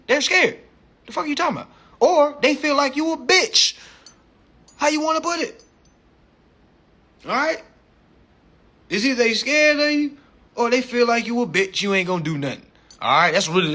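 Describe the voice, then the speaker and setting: A man hosting a livestream in a blunt, animated, profane rant, talking into a phone. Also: a little high, slightly rough. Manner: animated, blunt, heavy swearing, laughs at own stories. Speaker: social media livestream host.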